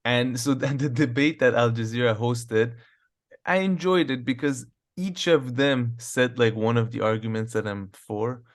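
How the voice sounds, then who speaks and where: A man's voice: medium pitch, measured pace. Laid-back chatty podcast man. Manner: laughs often, relaxed and chatty. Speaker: podcast co-host. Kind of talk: casual political chat.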